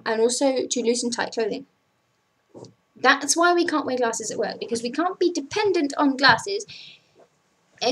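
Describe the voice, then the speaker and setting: High-voiced young woman ranting, exasperated. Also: slightly rough. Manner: exasperated, swearing, keeps asking "okay?". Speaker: cabin crew member. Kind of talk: ranting vlog.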